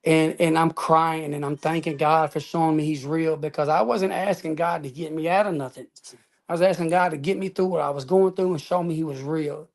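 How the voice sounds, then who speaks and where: A man's voice: fairly high pitch, steady tone, brisk. A man telling his personal testimony as an interview guest, earnest and emphatic, often adding "man" and "y'all".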